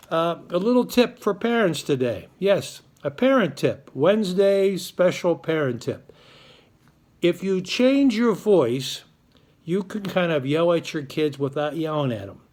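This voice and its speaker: A man delivers school morning announcements in an upbeat, chatty way, cheering students on. His voice sits on the higher side for a man. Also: animated, measured pace, a little mellow. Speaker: school morning show host.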